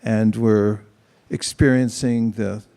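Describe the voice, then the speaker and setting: A man giving a measured, explanatory sermon to a congregation. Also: lowish voice, steady tone, dark tone. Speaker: temple speaker.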